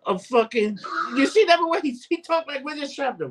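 A young man co-hosting a casual podcast, excitable and profane, often breaking into exclamations. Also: very high-pitched, moderate pace, few pauses. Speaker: podcast co-host. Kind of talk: casual wrestling chat.

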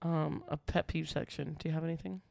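A man's voice: a little high, fairly even intonation, brisk, vocal fry, darkish tone, no echo. An American man in casual podcast chat, storytelling with plenty of "like" fillers. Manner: chatty, lots of "like" fillers. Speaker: podcast co-host.

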